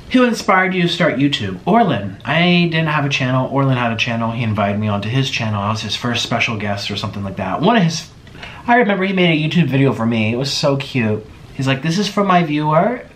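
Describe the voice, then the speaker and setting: Theatrical young man chatting casually. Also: a little hiss or hum. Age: 20s. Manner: expressive, theatrical swings in pitch and loudness. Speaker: mukbang host. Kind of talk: casual chat answering viewer questions. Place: home.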